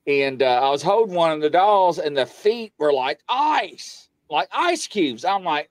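A man's voice: measured pace, few pauses, no room sound. A man telling a paranormal story in casual chat, acting out the quotes with big jumps in his voice. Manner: animated, acts out quotes with big pitch jumps. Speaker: paranormal show guest telling stories.

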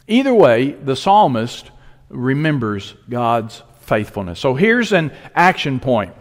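Animated preaching man, hall echo. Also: mid-range voice. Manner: emphatic preaching with dramatic pauses. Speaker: pastor. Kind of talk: sermon.

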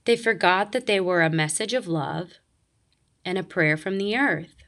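A woman reading a picture book aloud, slow and expressive. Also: lowish voice. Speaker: narrator.

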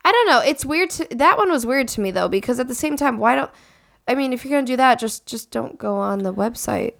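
A woman's voice: high-pitched, animated, a little fast, gravelly, fairly bright tone, no room sound, clean studio sound. A woman in casual conversation, musing and talking ideas through. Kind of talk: casual chat.

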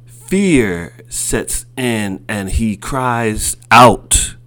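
Man, preacher, sermon, very slow, deliberate, repetitive phrasing. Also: fairly low pitch.

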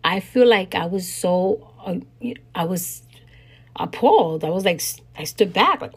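A woman's voice: on the low side, animated, measured pace, husky. A middle-aged woman hosting a podcast, telling a personal story in a casual, indignant way and laughing often. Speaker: podcast host.

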